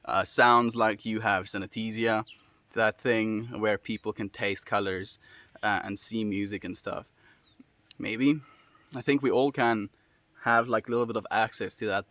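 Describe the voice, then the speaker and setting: A man's voice: fairly low pitch, no room sound. Friendly man chatting on a livestream. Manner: relaxed and friendly, many fillers, laughs often. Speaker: livestream host reading chat. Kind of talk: casual chat.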